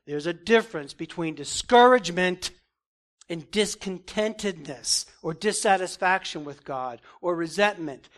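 A man's voice: high voice, a bit bright. A man preaching a sermon in an earnest, emphatic way, asking questions and answering them himself. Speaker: pastor.

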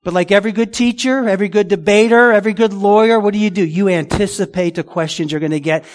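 Man, pastor, sermon, high-pitched, emphatic, conversational, rhetorical questions. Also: fast.

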